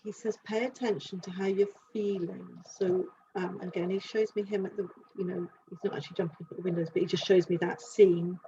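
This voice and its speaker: Halting woman giving an animal reading. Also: fairly low pitch, flat delivery, warm tone. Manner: halting, searching, thinking aloud. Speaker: animal communicator. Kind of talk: live reading session. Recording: dull lo-fi sound with faint hiss.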